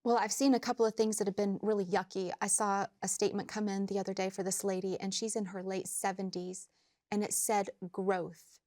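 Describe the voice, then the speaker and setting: A woman financial advisor on a talk show, explaining money matters in measured, plain steps. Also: medium pitch, level tone, darkish tone.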